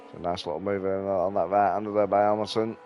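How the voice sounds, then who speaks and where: A man giving casual, relaxed commentary on a sim race from his sofa at home, sounding a bit sleepy. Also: deep voice, fast, lo-fi sound, a little hiss or hum. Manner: relaxed, sleepy, yawning between calls.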